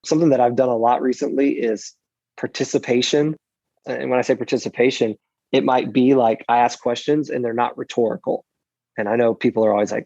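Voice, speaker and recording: A man with a gravelly, fry-tinged voice talks through his advice in a loose, animated way, often restarting his sentences. His tone is self-deprecating and conversational. The recording is dry and a little dull. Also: mid-range voice, a little fast, dry recording. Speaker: speaker and preacher. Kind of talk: conversational interview answers.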